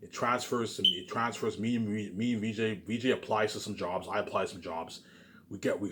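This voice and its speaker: A man with a lowish voice rushes through his ideas at a quick clip. He keeps tripping into restarts, piles on the same catchphrases and swears loosely. It is a rambling, casual talk to the camera. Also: steady tone, a bit bright, a little hiss or hum. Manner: repetitive, stumbling restarts, keeps saying "you know what I'm saying" and "obviously". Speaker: vlogger pitching his movie ideas.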